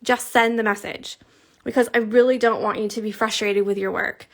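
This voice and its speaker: Chatty woman host, kinda high voice, super encouraging, lots of ums and little mutters to herself. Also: fairly even intonation, normal speed. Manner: chatty, encouraging, many fillers, mutters asides under her breath. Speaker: cross-stitch designer hosting a stitch along. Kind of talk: casual chat while showing her screen.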